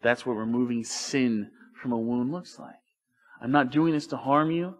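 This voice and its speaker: A man's voice: medium pitch, normal speed. A man preaching a sermon in church, talking to the congregation casually and asking rhetorical questions. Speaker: pastor. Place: church sanctuary.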